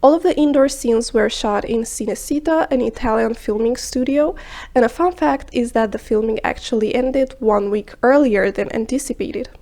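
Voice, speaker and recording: A woman narrating a scripted film review video in a measured, explanatory way, sometimes dropping into hushed asides. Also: fairly high pitch.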